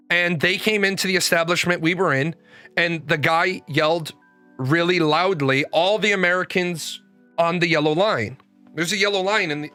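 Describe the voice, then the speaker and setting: A man's voice: fairly high pitch, bright, forceful tone. A man in a casual monologue, telling stories in a blunt, rambling way with frequent swearing. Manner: blunt, profane, rambling storytelling. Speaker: show host.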